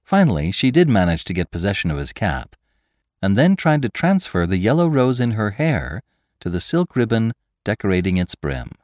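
Rich, dark male voice reading a classic tale aloud, with wide, lively swings of pitch. He tells it at a measured, deliberate pace. The sound is close and dry. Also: no echo. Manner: expressive, measured storytelling. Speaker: podcast narrator. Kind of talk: scripted narration of a classic tale.

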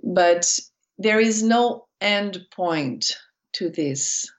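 A woman channeling a collective of spirit entities, speaking as "we" in slow, deliberate, repeated phrases. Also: lowish voice, lively intonation.

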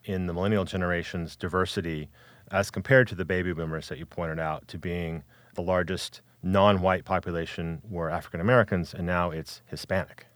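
Low-voiced male podcast host. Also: steady tone, brisk, a bit bright, dry recording. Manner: asks long, careful framing questions. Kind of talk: interview questions.

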